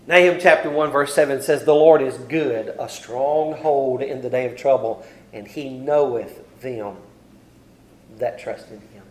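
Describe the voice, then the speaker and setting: A male preacher giving a sermon. He recites King James scripture and moves between hushed, quiet passages and loud, pleading ones. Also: medium pitch, measured pace, roomy sound, poor audio. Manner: swings from hushed near-whispers to loud impassioned pleading.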